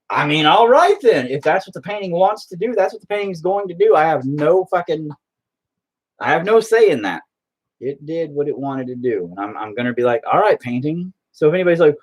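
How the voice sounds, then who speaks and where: A man's voice: a little high, lively intonation, fairly quick, breathy edge. A young man chatting casually while he paints, self-deprecating and swearing constantly as he talks to his painting. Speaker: painting video host.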